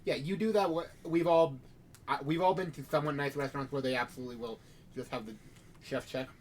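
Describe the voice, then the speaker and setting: A man's voice: fairly high pitch, steady tone, fast, darkish tone. A man narrating as game master for a tabletop role-play game, casual and wry, with rambling asides.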